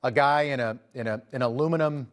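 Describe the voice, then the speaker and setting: A man's voice: medium pitch, a little fast. A man hosting a political commentary show, talking in a conversational, emphatic way with sarcastic asides.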